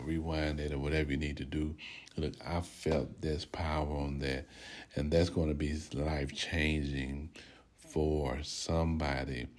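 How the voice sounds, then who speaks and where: A man's voice: a bass voice, darkish tone. A middle-aged man hosting a sermon-style podcast, emphatic, who often asks "right?" and leads his listeners in repeated affirmations. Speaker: podcast host and preacher.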